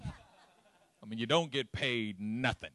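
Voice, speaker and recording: A man's voice: mid-range voice, slow pace, dry recording. A man preaching a sermon as a pastor, telling stories with humor and laughing along the way. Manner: humorous, animated storytelling with laughs.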